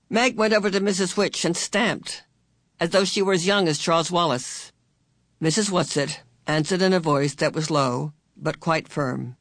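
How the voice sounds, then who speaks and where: An audiobook narrator reading a novel aloud in a measured, expressive way. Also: mid-range voice, no room sound. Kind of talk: scripted narration.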